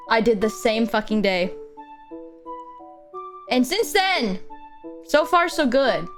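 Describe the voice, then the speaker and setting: A woman streamer and commission artist telling a story casually while she draws, rambling and swearing, with "like" in almost every line. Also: a little high. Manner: rambling and profane, heavy use of "like", animated retelling.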